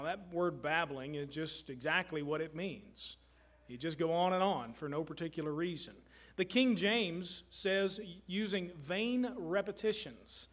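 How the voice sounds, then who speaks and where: A middle-aged man from Kentucky delivers a sermon from the pulpit. His voice sits high for a man, and his earnest, emphatic delivery leans on repetition to drive each point home. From Kentucky, USA. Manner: earnest, emphatic preaching with repeated phrases. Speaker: pastor.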